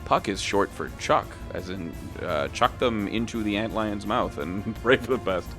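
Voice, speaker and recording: A man's voice: on the low side, normal speed, music in the background. A man giving casual, joking commentary while he plays a video game, laughing often and reading the game's dialogue aloud. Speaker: gaming streamer. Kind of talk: casual let's-play commentary.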